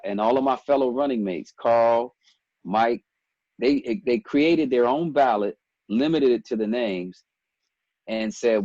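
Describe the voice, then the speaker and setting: A man in his forties from Ethiopia, a guest telling stories in a relaxed interview, animated and quick to quote others. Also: mid-range voice, no room sound, dull audio. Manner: animated storyteller, breaks into quoted voices and laughs. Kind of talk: casual storytelling interview.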